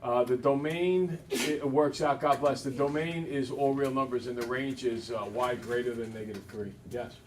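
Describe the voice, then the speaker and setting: A man teaching a math class, brisk and teasing, talking to students in a classroom. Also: mid-range voice, steady tone, distant mic, noisy background.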